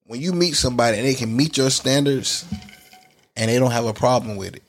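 A man's voice: medium pitch, fairly quick. A man from Florida co-hosting a casual comedy podcast, telling stories with a laugh and swearing freely. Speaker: podcast co-host.

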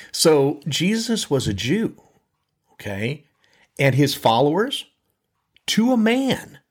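Low-voiced man preaching conversationally. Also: fairly bright tone, husky. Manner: conversational, frequent "okay?" check-ins and self-restarts. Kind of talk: podcast teaching.

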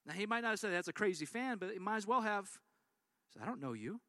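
A man delivers a sermon from the pulpit with a high, bright voice. He preaches in an animated way, acting out the people in his stories. The sound is dry and close. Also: fast talker, no room sound. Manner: animated storytelling with acted-out quotes. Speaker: pastor.

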